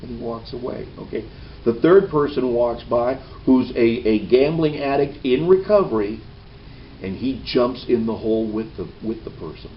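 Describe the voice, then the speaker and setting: A man's voice: mid-range voice, lively intonation, moderate pace, far from the mic. A man giving a training presentation in a meeting room, folksy and checking in with "okay" after each point. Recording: dull lo-fi camera audio with faint hiss.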